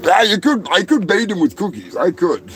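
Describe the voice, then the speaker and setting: A man hosting a comedy show, ranting in a rambling, profane way that often breaks into shouting. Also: high voice, wildly swooping pitch, normal speed, faint music behind. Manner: rambling, shouting, heavy swearing. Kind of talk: profane comic rant.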